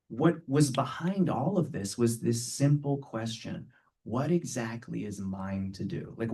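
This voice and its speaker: A man's voice: mid-range voice, a little mellow, far from the mic. A man giving a conversational spiritual talk to a live audience, playful and earnest, often checking in with a rhetorical "right?".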